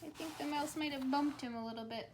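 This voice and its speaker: A woman teacher reading a picture book aloud to young children, gently coaxing them to repeat animal sounds. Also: high voice, fast talker, background noise.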